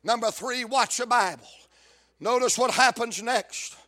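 A man with a very high, bright, ringing voice delivers a fiery sermon. He moves in rhythmic runs, drawing out phrases and rising into shouts. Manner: rhythmic, builds to shouting, drawn-out cadences. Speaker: preacher.

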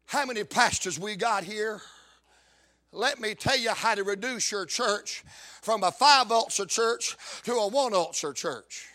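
High, bright-voiced preacher man shouting. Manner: rhythmic, builds to shouting, drawn-out cadences. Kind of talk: fiery sermon.

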